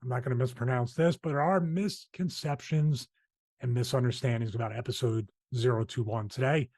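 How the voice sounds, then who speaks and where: A man's voice: medium pitch, a little fast, darkish tone, no room sound, studio quality. A man with a Philadelphia accent hosting a fitness podcast, chatting casually in a rambling, self-deprecating way. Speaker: podcast host. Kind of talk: casual chat.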